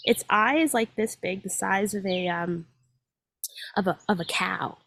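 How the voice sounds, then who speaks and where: A woman in her forties, a guest in a casual chat, telling stories in an animated way with plenty of fillers. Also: mid-range voice, normal speed, gravelly.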